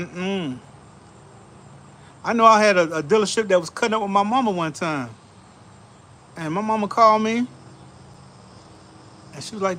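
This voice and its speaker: High-pitched guy, bright voice, laughing slangy porch storytelling, faint crickets behind. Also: animated, normal speed, long pauses, a little hiss or hum. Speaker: show host. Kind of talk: casual storytelling chat. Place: outdoors on a back porch.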